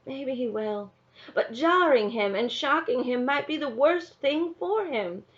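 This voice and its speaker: A woman's voice: high-pitched, animated, unhurried, a bit bright, pitched above the performer's own voice. A woman reading aloud, voicing a stern, worried mother who speaks firmly and questions pointedly. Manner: firm, questioning. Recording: dull lo-fi recording.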